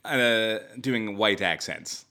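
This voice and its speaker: A man's voice: fairly low pitch, slow pace, vocal fry, sharp tone. A young man co-hosting a podcast, rambling and joking in casual chat with many restarts. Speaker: podcast co-host.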